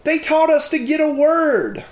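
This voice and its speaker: A frightened nine-year-old girl pleads aloud in a high, urgent voice, as a man puts her on. It sounds like a room with a noticeable echo. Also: lively intonation, unhurried. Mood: pleading. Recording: echoey room.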